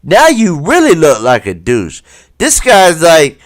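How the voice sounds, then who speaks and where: A man comments on video footage during a livestream, taking his time and swinging his fairly high voice up and down. He swears freely and keeps pressing viewers with rhetorical questions. The sound is dry and close. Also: wildly swooping pitch, slow, dry recording. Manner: acts out the people in the footage in quoted voices. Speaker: livestream host.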